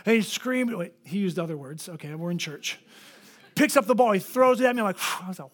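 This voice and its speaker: A man preaching a sermon as pastor, telling a story and acting out the people in it with lively energy. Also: sits high, fast talker. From Florida. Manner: animated, acts out the people in his stories.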